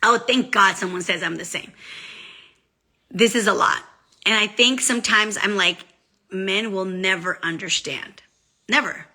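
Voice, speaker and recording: Bright-voiced chatty woman vlogger. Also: mid-range voice, a little slow, long pauses. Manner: chatty, animated, acts out quotes. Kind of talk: casual chat to camera.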